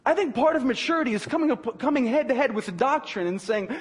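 A man preaching a sermon as pastor, emphatic and animated, with frequent restarts. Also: very high voice, fast, in a large hall.

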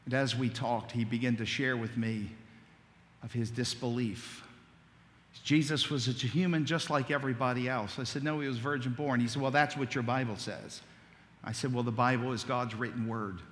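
A man's voice: mid-range voice, fairly even intonation, moderate pace, big-room sound. A man preaching a sermon, telling a story and then building into a fervent, rising litany.

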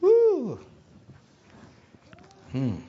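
Animated preacher, slow and sweeping. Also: lo-fi sound. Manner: swings between hushed low teaching and loud excited exclamations; asks the audience questions. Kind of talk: sermon.

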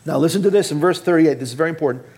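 A man preaching a sermon earnestly, dropping low and quiet for emphasis and asking his listeners direct questions. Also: racing. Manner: addresses the congregation directly with questions. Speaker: pastor.

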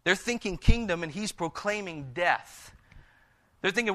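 A male preacher with a bright, ringing voice that sits a little high for a man. He drops to a slow, hushed tone for scripture and livens up when he retells it in his own words. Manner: reads scripture in a slow, hushed voice and paraphrases in a lively, animated one.

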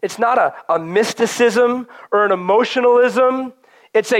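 Man, preaching, high voice, earnest and chatty, dry close sound. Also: lively intonation, moderate pace, no echo. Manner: earnest, conversational, acts out quoted voices. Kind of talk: sermon.

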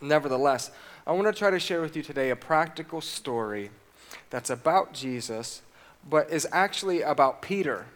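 A man's voice: fairly high pitch, lively intonation, moderate pace, a bit bright. A man preaching a sermon, reading scripture aloud and putting questions to the congregation.

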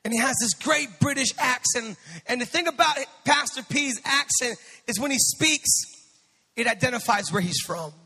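A male pastor delivering a sermon, dropping to quiet asides and then rising into shouted, sing-song preaching. His voice sits very high for a man, sharp and gravelly. The sound carries with a long reverb through a church sanctuary. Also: lively intonation, moderate pace.

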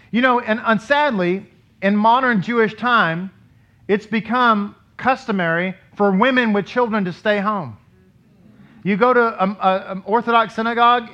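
A dull, lo-fi recording captures a man preaching as rabbi to his congregation in the synagogue sanctuary. His voice is high, bright, and forceful, and he keeps the sermon conversational by putting questions to the listeners.

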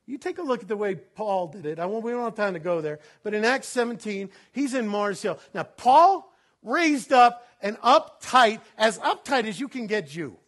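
A man with a strikingly high voice preaches a sermon to his congregation. He gets loud and laughing in his stories, then drops low and quiet to read scripture. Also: normal speed. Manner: animated preaching, swinging from loud laughing bursts to low solemn reading. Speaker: pastor.

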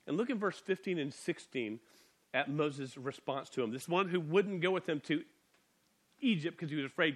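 Animated man preaching a sermon. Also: fairly high pitch, fairly quick. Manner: conversational, animated, acts out voices. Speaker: pastor.

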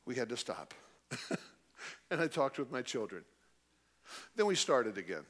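Animated storytelling man. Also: mid-range voice, unhurried. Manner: animated, acts out quoted voices. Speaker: speaker to a live audience. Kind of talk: storytelling talk.

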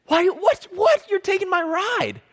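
A man's voice: extremely high pitch, a little slow, voice pushed up. A man voicing a startled car owner who sputters in indignant disbelief as his ride is taken.

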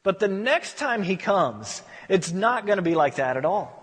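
High-voiced pastor teaching in a hall. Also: male voice, big pitch swings, moderate pace, fairly bright tone, slightly rough. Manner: conversational, repeats words when emphatic. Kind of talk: verse-by-verse Bible teaching.

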